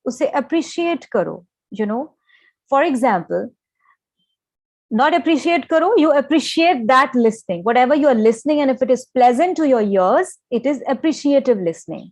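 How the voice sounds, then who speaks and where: A woman's voice: sits high, darkish tone, no echo. A woman gives a lecture in an explanatory way, mixing in Hindi phrases and often checking with "okay?". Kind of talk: lecture on listening skills.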